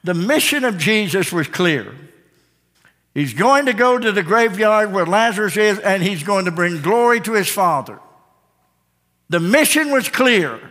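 A man preaching with a fairly high voice that swings between hushed, slow lines and soaring, repeated refrains. His words ring out with a long reverb, as in a church sanctuary. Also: animated. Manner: repeats phrases for emphasis. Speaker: pastor. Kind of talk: sermon.

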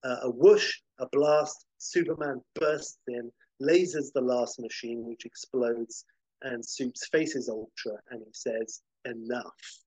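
A man hosting a podcast, narrating a film pitch vividly, with occasional fillers. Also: steady tone, slow, darkish tone, husky, dry recording, low-quality recording. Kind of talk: animated story pitch.

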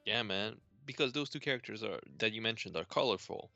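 A man's voice: fairly low pitch, brisk, vocal fry, bright, forceful tone, no echo, muffled recording, soft background music. A man co-hosting a film podcast, critiquing a movie in casual talk and acting out characters' lines. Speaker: podcast co-host.

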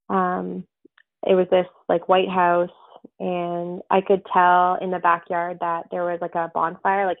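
A woman's voice: on the low side, creaky, no echo. A woman guest on a podcast, telling her story in a rambling, casual way full of fillers and restarts. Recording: tinny phone-like line.

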